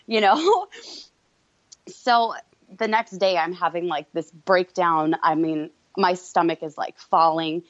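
A woman guest telling her story in a candid, quick-talking way. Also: lowish voice, dry recording. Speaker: guest entrepreneur. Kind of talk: casual interview chat. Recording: dull lo-fi recording.

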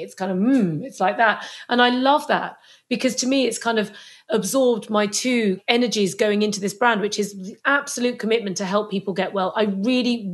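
A woman speaking as a podcast guest on Chinese medicine, animated and acting out little scenes in other voices. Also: medium pitch. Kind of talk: podcast interview.

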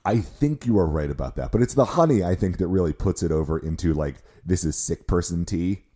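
A man from the United States co-hosting a podcast in a casual chat, his voice deep and hoarse from being sick, talking in a relaxed, joking way. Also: brisk. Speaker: podcast co-host.

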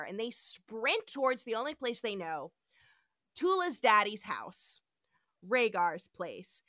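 Animated woman retelling scenes. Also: fairly high pitch, takes it slowly, dry recording, clean studio sound. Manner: animated storytelling, acts out quotes. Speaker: podcast host. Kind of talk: casual podcast recap.

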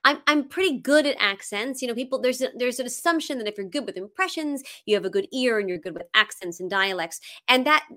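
Bright, bubbly woman guest. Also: fairly high pitch, fast, few pauses. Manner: animated and bubbly, laughs often. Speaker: guest performer, singer and impressionist. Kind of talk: chatty interview.

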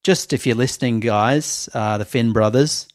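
A man's voice: mid-range voice, moderate pace, dry recording, clean studio sound. A man from Australia co-hosting a comedy podcast, joking and laughing often in casual chat. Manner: jokey, animated, laughs often. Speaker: podcast co-host. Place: Melbourne.

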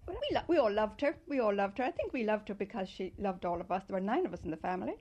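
An older woman from Ireland, fondly recalling her childhood in an interview and telling it in an animated way. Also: medium pitch, racing, muffled recording. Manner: fond, animated storytelling with loud mimicry. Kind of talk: reminiscing interview.

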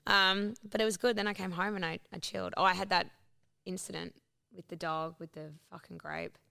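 A woman's voice: on the low side, fairly even intonation, fairly quick, gravelly, pushed and bright, clear, resonant tone. A young woman, chatting casually as a co-host and swearing freely as she tells a story. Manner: swears freely, acts out quoted voices. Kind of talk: casual chat.

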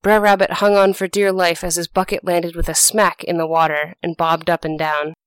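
A woman hosting a podcast, reading folk tales aloud in an animated, expressive storytelling style. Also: lowish voice, moderate pace, clean tone, dry recording. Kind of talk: scripted storytelling narration.

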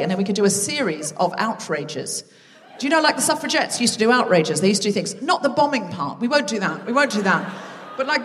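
A woman's voice: mid-range voice, big-room sound, far from the mic, a little hiss or hum. A woman hosting a live comedy show on stage, joking and bantering with the audience. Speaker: comedy podcast host. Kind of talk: live stand-up crowd work. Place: large theatre with a live audience. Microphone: stage microphone.

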